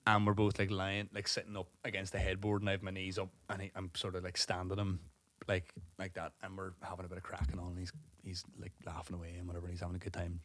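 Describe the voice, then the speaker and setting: A man's voice: low-pitched, monotone, fast, fairly bright tone. Sweary laughing man. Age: 30s. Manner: rambling, sweary, laughs through stories. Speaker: podcast co-host. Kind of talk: casual chat.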